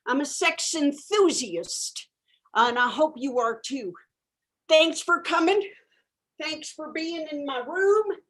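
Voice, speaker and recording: A woman's voice: high voice, expressive, takes it slowly, a bit bright, full character voice. A woman playing a flaky, self-absorbed new-age guru of sex and spirit, rambling dreamily in improvised character comedy over a video call from a bedroom. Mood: spacey. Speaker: improv performer. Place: home bedroom.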